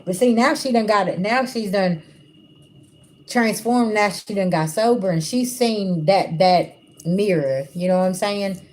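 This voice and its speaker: A woman's voice: medium pitch, unhurried, darkish tone. A woman doing a livestream spiritual reading, talking bluntly and casually to her viewers. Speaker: spiritual reader. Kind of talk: livestream tarot-style reading.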